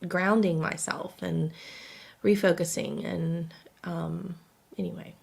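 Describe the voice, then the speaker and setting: A woman's voice: lowish voice, fairly even intonation, slow, gravelly, a little mellow, husky. A woman co-hosting a casual podcast, venting emotionally and holding back tears. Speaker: podcast co-host.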